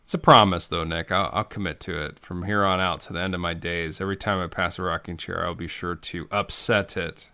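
A man co-hosts a comedy podcast, rambling through made-up scenarios with deadpan asides. His voice sits a bit low but sounds bright and forward. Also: a little fast, few pauses, clear, resonant tone. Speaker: podcast co-host. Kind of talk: comedic movie-riff chat.

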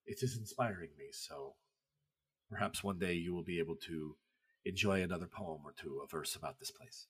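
A man voicing a courteous middle-aged male poet who speaks slowly, softly and formally. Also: deep voice, slightly rough, voice pushed down. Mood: gracious. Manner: slow, soft-spoken and formal.

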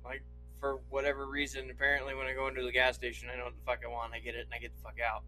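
A man's voice: medium pitch, monotone, rapid-fire, bright, forceful tone, slight background noise, rough recording. A man from Idaho telling a long story on a podcast, swearing often and laughing as he goes. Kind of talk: casual anecdote telling.

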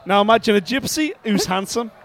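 A man co-hosting a podcast, telling a rambling, excitable story from arena seats at a boxing event. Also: sits high, a little fast. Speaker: podcast co-host. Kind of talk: casual storytelling.

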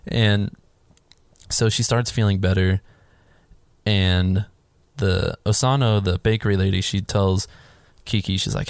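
A man's voice: fairly low pitch, steady tone, normal speed, no room sound, studio quality. A man casually recapping a film on a podcast, rambling through the plot and acting out the characters' lines, with plenty of swearing. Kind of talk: casual chat.

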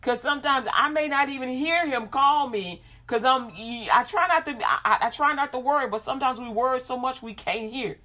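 Animated woman preaching an informal sermon. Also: sits high, fairly quick, few pauses. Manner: animated, acts out quoted voices, laughs often.

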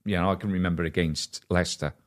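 A man in his sixties, a former football manager, answering questions in a measured, conversational way. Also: sits low, steady tone. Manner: measured, frequent "you know" and restarts. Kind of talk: casual interview chat.

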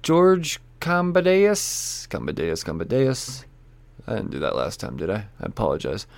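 A man's voice: a bass voice, very animated, brisk, creaky, a little mellow, no room sound. A man casually running through the week's new comic books, rambling, joking and swearing as he goes. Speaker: comic book shop owner reviewing weekly releases. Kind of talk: casual solo chat about new releases.

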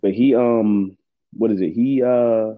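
A man's voice: on the low side, slow pace, dry recording. A Marine man talking in a laid-back, slangy way as a podcast guest. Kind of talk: casual chat. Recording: dull, very dry sound.

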